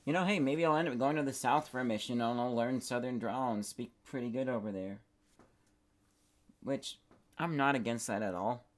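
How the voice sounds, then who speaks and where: A young man thinks out loud as he plays, wandering from one idea to the next. His voice is soft and easygoing, sits mid-range for a man, and keeps trailing off. Some clicking is heard in the background. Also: medium pitch, normal speed. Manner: rambling, musing aloud while playing. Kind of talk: casual gaming commentary.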